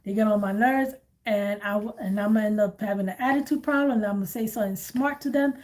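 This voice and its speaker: A woman's voice: mid-range voice, fast talker, darkish tone. A woman hosting a live tarot stream, telling stories in a casual, chatty way and laughing often.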